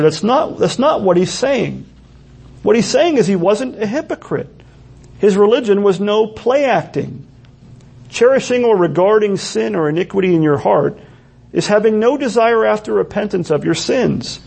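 A man's voice: high-pitched, very animated, normal speed, gravelly, a little mellow, breathy edge. A man preaching a sermon in a church, earnest and full of rhetorical questions. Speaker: pastor.

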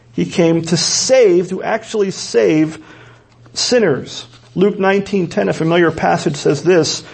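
A man's voice: sits high, vocal fry, husky. A man preaching a sermon in an earnest, emphatic way, often repeating key words for stress. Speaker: pastor.

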